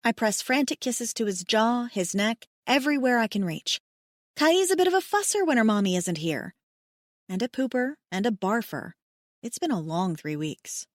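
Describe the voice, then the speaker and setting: A woman narrating a first-person romance audiobook in an expressive, intimate manner. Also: a little high, moderate pace, dry recording, clean studio sound.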